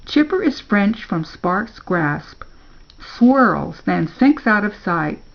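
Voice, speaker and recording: An older woman, a grandmother, reading a children's story aloud in a slow, gentle storybook manner. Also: mid-range voice, very animated, vocal fry, dull audio.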